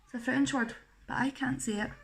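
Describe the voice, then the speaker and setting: A woman's voice: sits high, fairly even intonation, a little fast, gravelly. A young woman talking through a makeup tutorial in a chatty, self-deprecating way. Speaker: makeup artist.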